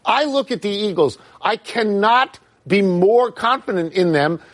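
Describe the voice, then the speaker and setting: An older man in his seventies co-hosting a sports talk show, animated, jumping in and repeating words for emphasis. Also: high-pitched, a little slow. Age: 70s. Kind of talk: sports debate.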